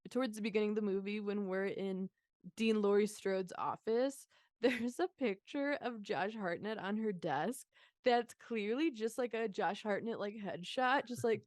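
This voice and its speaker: A woman's voice: mid-range voice, measured pace, a little mellow, no echo, clean studio sound. A young woman co-hosting a movie podcast, chatting casually with a sarcastic, swear-heavy, laughing manner. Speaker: podcast co-host. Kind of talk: casual movie review chat.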